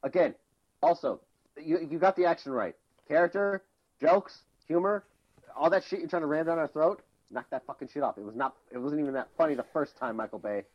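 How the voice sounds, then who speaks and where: A man's voice: a little high, fairly quick. A man co-hosting a casual podcast, ranting animatedly and swearing a lot. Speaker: podcast co-host. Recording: dull lo-fi audio.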